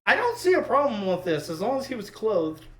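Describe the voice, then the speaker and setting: A podcast co-host trading deadpan quips and swearing freely in casual chat. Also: mid-range voice, a little fast. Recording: roomy echo.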